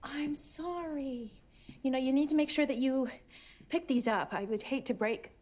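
An actress speaking gentle, polite lines of television drama dialogue. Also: female voice, high-pitched, normal speed.

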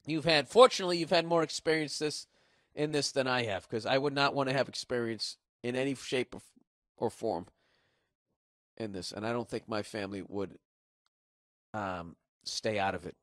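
A man's voice: mid-range voice, normal speed, dry recording, studio quality. A middle-aged man with a Boston accent, hosting a podcast and ranting sarcastically with lots of swearing. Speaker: podcast host. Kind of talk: casual comedic monologue.

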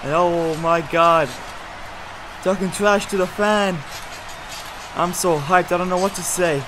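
A commentator calling a hobby wrestling match with excited play-by-play, jumping between hushed remarks and shouted exclamations and throwing in joking asides. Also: mid-range voice, a little slow, background noise. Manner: jokey, self-correcting asides.

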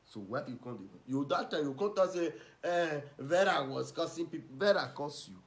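A man with a Nigerian Pidgin accent giving ranting, mocking gossip commentary, scolding and swinging between loud and soft. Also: on the high side, animated, a little fast. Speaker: online commentator.

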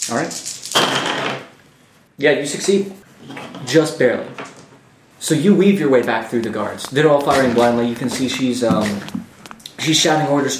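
A man as game master, narrating a tabletop game calmly, with fillers. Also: medium pitch, a little hiss or hum. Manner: calm descriptive narration with fillers. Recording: echoey room, mic at a distance.

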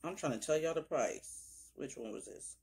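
A young woman filming a casual makeup haul, talking straight to her viewers with loose slang and cursing, and breaking into sudden high exclamations. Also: moderate pace, a little mellow, breathy edge. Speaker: beauty vlogger.

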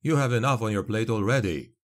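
Menacing knight cousin muttering low, a guy doing the voice, deepish tone. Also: animated, fairly quick, natural voice. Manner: low and threatening.

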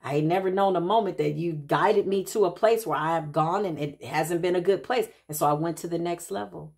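A woman with a slightly low voice gives an informal spiritual reading to her audience. She tells stories in a lively, chatty way, with quick asides and restarts, and keeps calling her listeners child and honey. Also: gravelly. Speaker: intuitive spiritual reader. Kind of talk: casual spiritual reading monologue.

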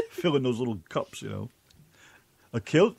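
Lively joking American radio man. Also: mid-range voice, unhurried, gravelly, breathy edge. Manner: joking, crude, animated. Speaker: radio show co-host. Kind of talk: bawdy casual radio banter.

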